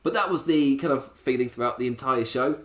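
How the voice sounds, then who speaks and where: A man's voice: mid-range voice, fairly quick, a bit bright. A man reviewing a wrestling show in a casual, sarcastic way, often laughing. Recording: roomy echo.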